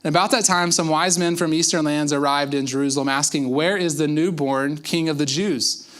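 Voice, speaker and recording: A man's voice: on the high side, fairly even intonation, a little fast, fairly bright tone. Man preaching a casual sermon. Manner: conversational preaching with acted-out quotes and repetitions. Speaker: pastor.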